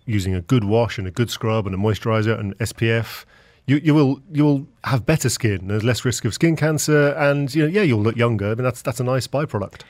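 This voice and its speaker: A man's voice: mid-range voice, fairly quick, a little mellow, dry recording. Dry-sounding male guest, explanatory. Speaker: guest magazine editor. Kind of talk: casual radio chat.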